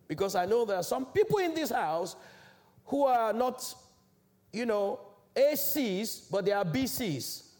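A man's voice: sing-song, measured pace, darkish tone. A man from Africa preaching a sermon as a church elder, emphatic and declamatory, in a large church. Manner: emphatic, declamatory preaching with big swells in pitch.

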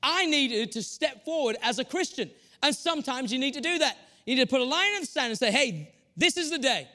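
Guy preaching, really high voice, storytelling sermon. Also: expressive, quick pace, sharp tone. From Northeast England. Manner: storytelling preacher, shifts pace often.

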